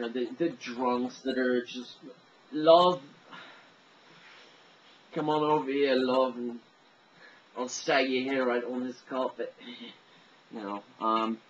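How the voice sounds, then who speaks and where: A man's voice: medium pitch, muffled recording, a little hiss or hum. A man talking casually about voices he can imitate, rambling, with many fillers and self-deprecating asides. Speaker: amateur voice impressionist. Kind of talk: casual monologue.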